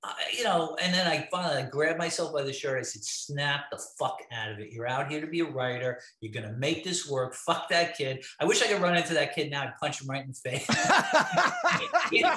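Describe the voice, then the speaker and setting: A man, an interview guest, telling a long story in an animated, profane way. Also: fairly high pitch. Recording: roomy echo.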